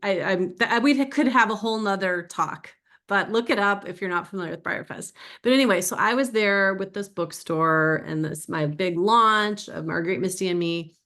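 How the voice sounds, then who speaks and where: A woman's voice: on the low side, unhurried. Chatty middle-aged woman giving a book talk. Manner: chatty, digressive, warmly emotional storytelling. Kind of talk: informal presentation to an audience.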